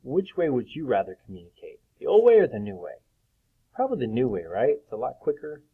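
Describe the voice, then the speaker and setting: A man teaching a reading lesson to young children, speaking slowly and patiently, sounding out letters and often clearing his throat. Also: medium pitch, wildly swooping pitch. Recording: tinny phone-like recording.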